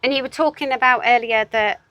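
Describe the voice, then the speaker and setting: A woman's voice: on the high side, a little fast, fairly bright tone, dry recording, highs cut off. A woman hosting a casual interview, encouraging her guest with light teasing. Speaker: host. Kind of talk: casual chat.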